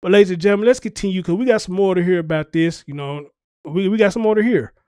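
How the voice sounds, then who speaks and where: Male show host, high-pitched, dry close sound, preachy emphatic rant. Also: fast, dark tone, clear, resonant tone, no room sound. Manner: emphatic, preachy, seeking agreement with the audience. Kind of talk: casual ranting commentary.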